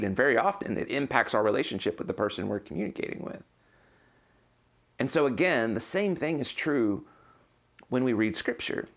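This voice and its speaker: A man's voice: medium pitch, a bit bright. A man pastor preaching a sermon, earnest and explanatory, now and then acting out quotes.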